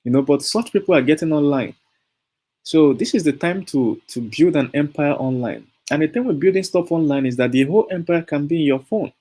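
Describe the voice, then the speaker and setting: A man's voice: fairly high pitch, lively intonation, brisk, mellow. A Nigerian man with a Nigerian English accent giving a casual motivational talk to camera as a YouTuber, emphatic and persuasive, repeating points and chuckling often. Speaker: YouTuber selling online courses.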